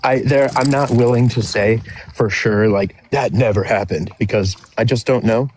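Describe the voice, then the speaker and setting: A man's voice: mid-range voice, normal speed, a little mellow, slight background noise. A man in his thirties calling in, who hedges and fills his answers with "like". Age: 30s. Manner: hedging, fills speech with "like". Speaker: caller. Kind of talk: casual call-in conversation.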